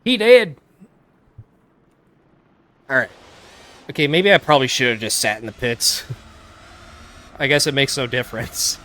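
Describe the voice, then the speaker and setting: A man's voice: mid-range voice, moderate pace, long pauses, pushed and bright. Laid-back man with a worn-out throat. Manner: laid-back, self-deprecating, rambling asides. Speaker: gaming streamer. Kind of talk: casual let's play commentary. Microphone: desk mic.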